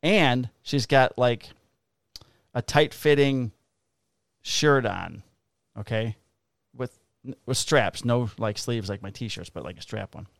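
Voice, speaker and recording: A man who works as a police officer tells a rowdy story from the job in casual conversation. His voice is smooth and clear and sits at a middle pitch, recorded close and dry. He swears freely and slips into the voices of the people in the story. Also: slow pace, long pauses, no echo. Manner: profane, animated, acts out voices in quotes.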